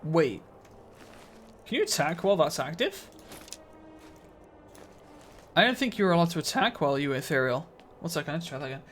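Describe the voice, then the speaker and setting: A man's voice: on the high side, animated, fast talker, pauses often, fairly bright tone, a little hiss or hum. A man streaming a video game live, chatting casually with his viewers in a laid-back, slightly mumbly way and chuckling often.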